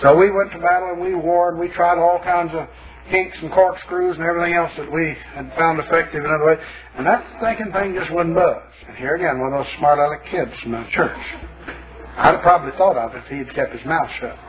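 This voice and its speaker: A man's voice: on the high side, a little fast. A male pastor preaching a sermon in a folksy, colloquial storytelling manner. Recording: lo-fi phone-like sermon tape.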